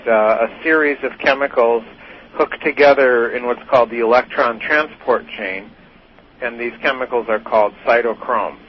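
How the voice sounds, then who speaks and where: A man's voice: medium pitch, muffled recording, slight background noise. A man speaking as an expert guest on a talk show, explaining science patiently with simple analogies. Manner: patient explainer, uses analogies, some fillers. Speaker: guest expert, physician researcher. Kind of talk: explanatory interview answers.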